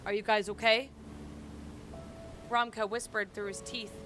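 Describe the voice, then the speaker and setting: A woman's voice: on the high side, unhurried, a little hiss or hum. Woman dramatically reading game text. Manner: dramatic reading with excited asides. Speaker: gaming streamer. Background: loud game music.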